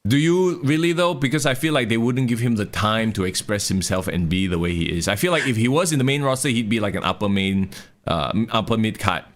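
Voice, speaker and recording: A man's voice: on the low side, expressive, brisk, hardly any pauses. A young adult man co-hosting a wrestling podcast, steering the rundown and chiming in often with short agreements. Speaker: podcast co-host. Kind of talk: casual wrestling chat.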